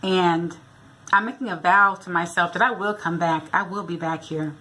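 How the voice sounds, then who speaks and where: In a chatty vlog, a middle-aged woman from the US relates a funny run-in and performs the dialogue. She has a low-sided, bright, forceful voice with fairly even intonation and a moderate pace.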